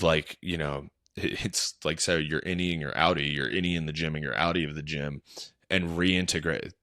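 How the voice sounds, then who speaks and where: A man's voice: low voice, fairly bright tone, dry recording, studio quality. A young man, a fitness coach, hosting his own podcast alone and rambling casually with lots of fillers and restarts. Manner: rambling, loose and unscripted, with many fillers and restarts. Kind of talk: casual solo podcast talk.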